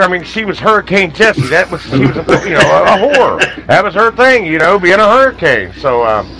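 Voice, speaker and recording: A man's voice: high voice, sing-song, a little fast, few pauses, pushed and bright, low-quality recording. A man on a talk radio show, rambling through old jokes with lots of false starts. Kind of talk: casual talk radio banter.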